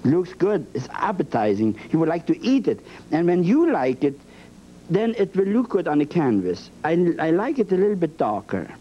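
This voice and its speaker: A man's voice: a little high, sing-song, normal speed, slight background noise. A man teaching a painting lesson, talking with emphatic, playful repetition. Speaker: painting instructor. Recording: dull lo-fi broadcast sound.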